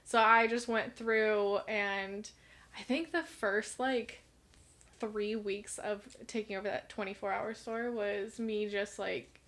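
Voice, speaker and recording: Bright-voiced young woman telling stories. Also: mid-range voice, fairly even intonation, slow pace. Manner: chatty storyteller, acts out quotes. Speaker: podcast co-host. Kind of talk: casual chat.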